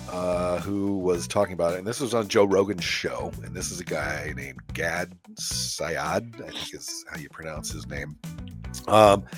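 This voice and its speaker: A man hosting a casual opinion podcast, blunt and profane, laughing often. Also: fairly low pitch. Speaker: podcast host.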